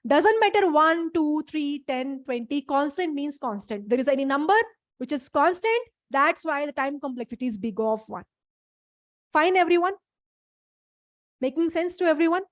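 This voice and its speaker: A high-pitched woman lectures in a live online class. She explains each point step by step and stops often to check that her students follow. The sound is dry and close, with no room echo. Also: moderate pace, long pauses. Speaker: instructor.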